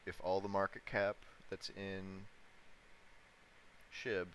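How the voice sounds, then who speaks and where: A man with a low, bright-edged voice talks slowly through a casual live stream, thinking aloud and addressing his chat. He chuckles a lot between remarks, and a faint hum of background noise sits under his voice. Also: completely flat delivery, poor audio. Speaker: livestreamer day-trading crypto.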